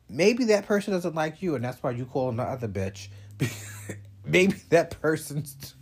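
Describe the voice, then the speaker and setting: A young man hosting a podcast, talking casually in a blunt, animated way and swearing freely. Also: on the high side, slightly rough. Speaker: podcast host. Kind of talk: casual monologue.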